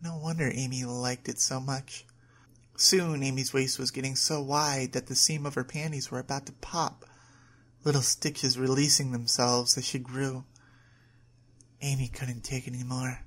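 A woman narrating an adult short story at a steady reading pace. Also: very deep voice, moderate pace.

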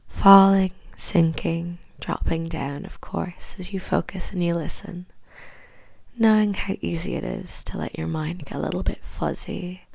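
An Irish woman whispers a hypnosis induction right up against a close mic, unhurried and repetitive. Her low, gravelly voice drifts from one soothing suggestion to the next, in a dry, dead room with no echo. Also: mellow.

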